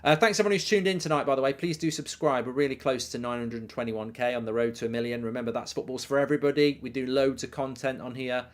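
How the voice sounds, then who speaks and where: A man's voice: medium pitch, steady tone, fast talker, few pauses. Rambling man hosting a football watchalong. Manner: rambling, self-mocking, riffs on ideas and reads out viewer messages. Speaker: host of a live football watchalong stream. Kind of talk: casual live commentary and chat reading.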